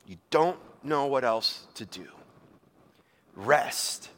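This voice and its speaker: A man's voice: on the high side, takes it slowly, fairly bright tone. A man preaching a conversational sermon, chatty and full of rhetorical questions and acted-out inner voices. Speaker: pastor.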